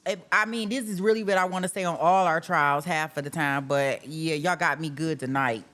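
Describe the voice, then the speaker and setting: A woman's voice: sits low, moderate pace, fairly bright tone. Emphatic, exasperated woman host ranting. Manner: emphatic, exasperated, repeats "how dare you", swears. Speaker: host of live trial coverage. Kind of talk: heated casual rant.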